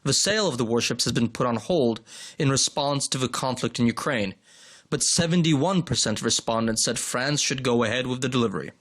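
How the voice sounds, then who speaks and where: Male news voice-over, mid-pitched, even formal read. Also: brisk. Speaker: news reporter. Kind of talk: scripted news narration.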